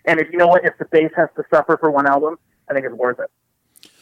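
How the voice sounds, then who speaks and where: A man speaks as a guest on a music podcast, thoughtful and articulate. His voice sits fairly high for a man. The sound is dry and a bit muffled, like a lo-fi remote connection. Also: fast talker, no echo. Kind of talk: casual chat.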